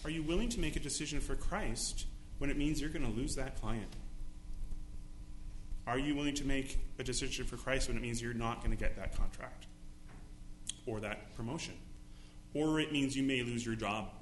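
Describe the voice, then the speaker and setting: A man's voice: mid-range voice, moderate pace, pauses often, roomy sound, slight background noise. A male pastor preaching a sermon, acting out quotes with dramatic voices. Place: church sanctuary.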